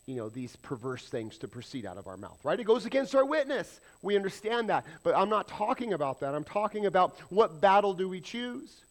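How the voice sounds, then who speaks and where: A man preaching a sermon as pastor, emphatic and full of rhetorical questions. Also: high voice.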